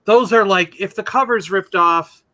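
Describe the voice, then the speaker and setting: A man chatting casually on a show, telling an animated story and acting out the quotes. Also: sits high, normal speed. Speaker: podcast co-host. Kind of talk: casual chat.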